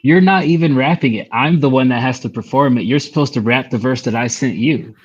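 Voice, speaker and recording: A man's voice: medium pitch, a little fast, slightly rough, muffled recording. A man co-hosting a casual stream chat as a rapper, talking in a reflective, laid-back way. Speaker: co-host and rapper.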